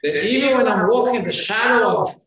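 A man's voice: sits high, animated, a little fast, fairly bright tone. A man teaching a class, counting off numbered points and repeating key phrases for emphasis. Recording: echoey room, far from mic, dull sound.

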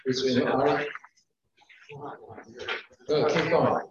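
A man's voice: mid-range voice, steady tone, slow pace, noisy background. A man teaching a class, counting off numbered points and repeating key phrases for emphasis. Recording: echoey room, far from mic, dull sound.

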